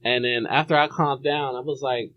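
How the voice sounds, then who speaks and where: A young man hosting a podcast, telling a story in a lively, animated way, often restarting and acting out the voices. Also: mid-range voice, normal speed, highs cut off. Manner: animated, restarts a lot, acts out the people in his story. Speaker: podcast host. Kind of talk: casual storytelling.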